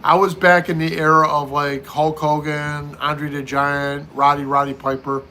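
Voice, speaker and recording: Middle-aged man, livestream host, reads and answers chat comments; slightly high, bright, forceful voice. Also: level tone, measured pace, slight background noise. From United States. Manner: reads viewer comments aloud and answers each one.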